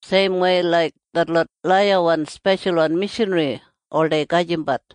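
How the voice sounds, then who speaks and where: A reader with an Australian Kriol accent gives a steady, earnest scripture reading. The pitch sits in a middle register, and the recording is close and dry, with no room sound around it. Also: moderate pace, dry recording.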